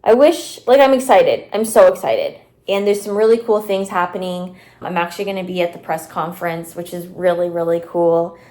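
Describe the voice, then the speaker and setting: A woman's voice: fairly low pitch, fairly even intonation, normal speed, hardly any pauses, dark tone. A young woman vlogging casually to camera, chatty and full of "like", acting out other people's reactions as she tells stories. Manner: chatty, lots of "like", acts out quoted reactions. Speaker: bodybuilding competitor vlogger. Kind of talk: casual vlog talk to camera.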